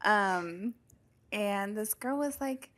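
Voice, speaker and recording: A young woman co-hosting a podcast, chatting casually and telling animated stories, with casual swearing. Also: medium pitch, slow. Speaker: podcast co-host. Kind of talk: casual chat.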